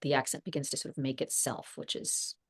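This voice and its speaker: A middle-aged woman with a notably low voice, chatting casually as an interview guest. She thinks aloud, circles back on her words and often breaks into laughter. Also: level tone, a little fast, slightly rough. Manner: thoughtful, rambling, laughs often. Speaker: actress guest.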